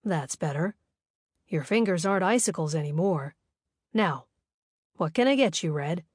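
A relaxed male bartender, as a woman narrator plays him, with a voice pushed down low and soft. He speaks in an easy, lightly teasing way. It is a storybook voice, close to the mic and dry. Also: moderate pace, husky, no echo. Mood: easygoing warmth.

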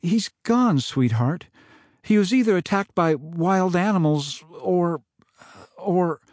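A man's voice: high voice, lively intonation, slow pace, darkish tone, no room sound, studio quality, pitched above the performer's own voice, exaggerated voice. A man voicing a grieving mother who stammers through bad news in a storybook reading. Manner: stammering, tearful.

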